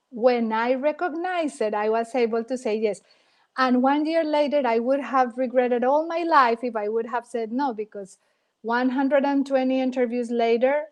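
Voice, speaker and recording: A woman's voice: on the high side, darkish tone. A middle-aged woman with a Latin American Spanish accent, a native Spanish speaker, talking as a guest in an interview and stressing her points by repeating them. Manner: emphatic, repeats phrases for effect. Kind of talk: casual interview.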